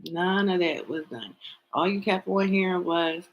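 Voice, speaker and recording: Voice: mid-range voice, unhurried, a little hiss or hum, low-quality recording. A tarot reader giving an opinionated commentary, talking emphatically, repeating words for stress and asking pointed rhetorical questions.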